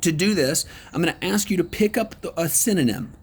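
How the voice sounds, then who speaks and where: A man teaches an online Bible study in a conversational, encouraging manner, often pausing and using ums. His voice sits high and sounds animated and husky.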